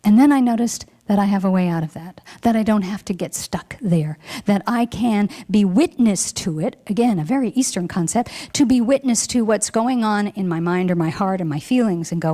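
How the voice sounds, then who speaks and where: A woman's voice: medium pitch, moderate pace, few pauses, warm tone. Woman minister giving a heartfelt sermon. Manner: heartfelt, reflective, emotional at times. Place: church hall.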